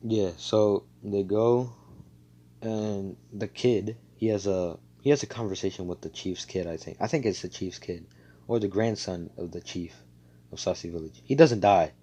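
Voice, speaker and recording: A man's voice: on the low side, normal speed, warm tone, slightly rough. A man casually telling an improvised fan story over a voice call, rambling and profane, full of fillers and self-corrections. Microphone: computer mic on a voice call.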